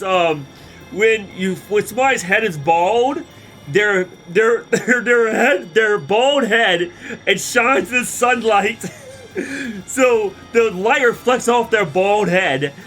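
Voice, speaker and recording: A man's voice: high voice, animated, takes it slowly, fairly bright tone, soft background music. A man streaming a game and reacting with constant giggling, laughing until he tears up while sick with the flu and coughing. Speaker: let's play streamer.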